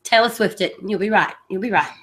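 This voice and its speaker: An Australian woman hosting a casual gaming podcast, animated and quick to laugh as she rants. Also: mid-range voice, husky. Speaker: podcast host. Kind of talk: casual chat.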